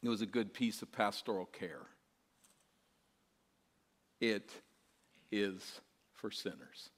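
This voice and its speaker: A man delivering a sermon as pastor, his voice pitched in the middle range. He preaches earnestly, with rhetorical questions and repetition. His delivery moves between hushed, soft passages and fuller, emphatic ones.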